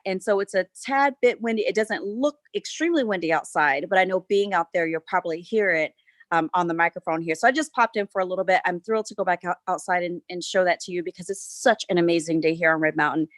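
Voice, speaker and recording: A woman from South Carolina with a Southern accent, a winery owner chatting through a virtual tour with relaxed, friendly storytelling. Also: lowish voice, brisk, dry recording. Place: winery tasting room.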